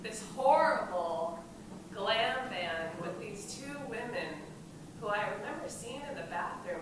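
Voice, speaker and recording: A woman telling a casual, lively story at an event, swearing and laughing as she goes. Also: fairly high pitch, slow. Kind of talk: casual spoken anecdote. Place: event space during a film screening. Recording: echoey room from far off, noisy.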